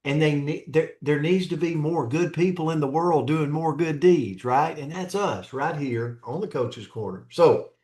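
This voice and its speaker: A man's voice: fairly high pitch, normal speed, hardly any pauses, a little mellow, roomy sound. A man hosting a motivational show as a coach, talking in an earnest, folksy way and repeating his phrases. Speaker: coach and host. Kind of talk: motivational talk.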